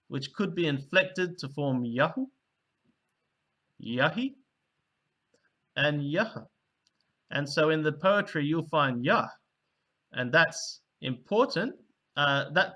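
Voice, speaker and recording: A man explains a point in a video lesson, taking his time and pausing between short phrases. His voice is bright and sits a little high for a man, and he speaks noticeably slowly. When he gives example phrases, his voice lifts. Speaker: teacher.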